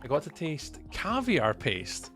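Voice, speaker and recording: A man's voice: fairly high pitch, huge pitch swings, slow pace, a bit bright, soft background music. A Scottish man chatting casually through a live gameplay stream, greeting viewers by name as he talks. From Scotland. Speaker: livestreamer.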